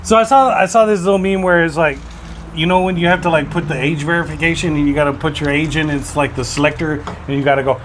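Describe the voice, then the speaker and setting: A man's voice: a little high, quick pace, a bit bright, a little hiss or hum. A man co-hosting a podcast, chatting in an easygoing way, swearing casually and laughing at his own stories. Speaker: podcast co-host. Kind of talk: casual chat.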